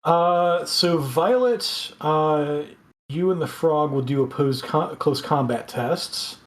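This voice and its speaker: Game master talking folks thru a tabletop fight, lots of uhs, calm and steady. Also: medium pitch. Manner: halting, many fillers, calm rulings.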